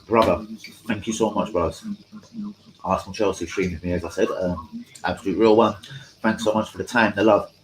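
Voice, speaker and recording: A man's voice: sits low, fairly even intonation, a little fast, pauses often, a little hiss or hum, low-quality recording. A man hosts a live-stream football chat, talking in a casual, rambling way with slang and heavy swearing. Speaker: fan channel host.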